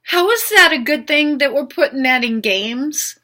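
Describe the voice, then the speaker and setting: A woman's voice: high-pitched, expressive, moderate pace, bright, forceful tone. An older woman speaking an unscripted, heartfelt monologue as a spiritual healer, earnest and pleading, with repeated questions. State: emotional.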